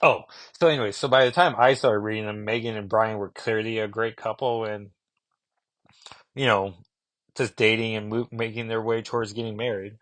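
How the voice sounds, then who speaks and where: A man's voice: fairly low pitch, fairly even intonation, normal speed, a bit bright, dry recording. A man casually reviewing comic books, rambling with fillers and asides.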